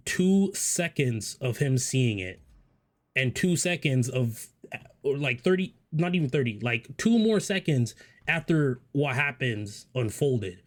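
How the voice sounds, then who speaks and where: A man's voice: mid-range voice, lively intonation, takes it slowly. Man telling a rambling, profane story. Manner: profane, rambling, joking asides. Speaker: storyteller vlogger. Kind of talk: casual storytelling monologue.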